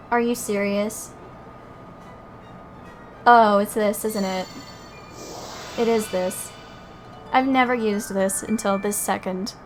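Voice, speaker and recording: A woman's voice: medium pitch, slow pace, long pauses, soft background music. A young woman streaming a game, making casual, amused asides with some swearing. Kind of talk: casual live-stream commentary.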